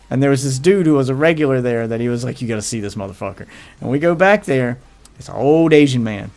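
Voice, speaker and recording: A man's voice: medium pitch, vocal fry. A man hosting his livestream, telling crude rambling stories in casual chat with faint music behind him. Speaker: livestream host.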